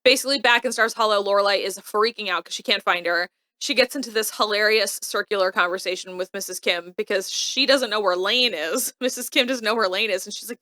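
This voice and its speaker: Bright-voiced woman recapping a TV episode. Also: mid-range voice, fairly quick, hardly any pauses, no room sound, studio quality. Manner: animated retelling, acting out quotes in varied voices. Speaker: podcast co-host recapping a TV episode. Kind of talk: casual chat.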